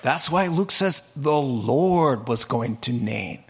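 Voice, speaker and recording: A man preaching a sermon, telling the story with animated energy and humorous asides. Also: medium pitch, takes it slowly, breathy edge.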